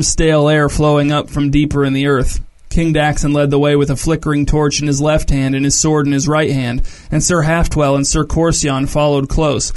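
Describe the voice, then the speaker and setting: Man narrating a story, a bit high. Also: a little mellow.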